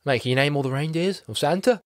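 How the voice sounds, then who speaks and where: A man's voice: a little high, fast, no echo, clean studio sound. A man, co-hosting a film podcast, talking in a rambling way with restarts and mimicking characters. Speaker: podcast co-host. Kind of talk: casual film review chat.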